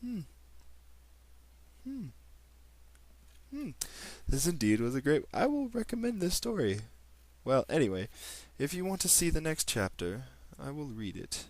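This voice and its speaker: A man's voice: mid-range voice, very animated, measured pace, pauses often, a little mellow, no room sound. A man with an Australian accent reading a story aloud, then chatting in a rambling, apologetic way with frequent slips and restarts. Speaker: reader of fan fiction.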